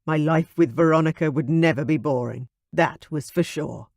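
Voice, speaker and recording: A man narrating an audiobook in a measured, even way. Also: fairly high pitch, gravelly, dry recording, clean studio sound. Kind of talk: scripted narration.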